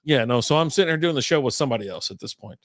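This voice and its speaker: A man ranting bluntly and casually as a podcast co-host, swearing freely. His voice sits at a middle pitch for a man. It is recorded close and dry. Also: lively intonation, racing, no room sound. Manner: blunt, profane, exasperated rants. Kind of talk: casual chat over drinks on a livestream.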